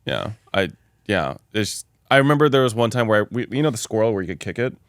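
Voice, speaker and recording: A man hosting a podcast in casual chat, relaxed and swearing freely. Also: on the low side, fast, clear, resonant tone, dry recording, clean studio sound. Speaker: podcast host.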